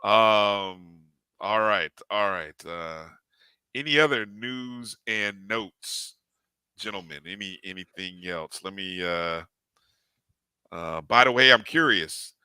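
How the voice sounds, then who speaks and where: A man's voice: fairly low pitch, slow, bright, forceful tone, clean tone, no room sound. A man co-hosting a live sports talk show, animatedly greeting chat viewers one by one by name.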